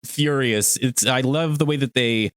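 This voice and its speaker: A man co-hosting a casual podcast, talking animatedly with casual swearing, dropping into quick jokey voices as he retells scenes. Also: medium pitch, fairly bright tone, no echo, clean studio sound. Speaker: podcast co-host.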